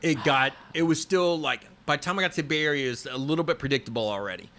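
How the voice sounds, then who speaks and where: A man in his fifties telling long stories in a relaxed podcast conversation, full of fillers and restarts. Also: a little high, fast talker, slight background noise. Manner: rambling, storytelling with many fillers and restarts.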